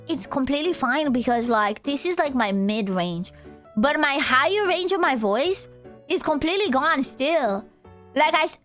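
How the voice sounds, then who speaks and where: A woman streamer chatting casually with her viewers, rambling and excitable, laughing often and saying "dude" a lot. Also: sits high. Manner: laughs often, trails off into restarts. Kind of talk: casual livestream chat with viewers. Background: faint background music.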